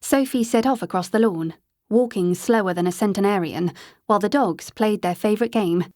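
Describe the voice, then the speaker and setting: A woman narrating an audiobook in a measured, steady storytelling manner. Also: mid-range voice, no echo, clean studio sound. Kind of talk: scripted narration.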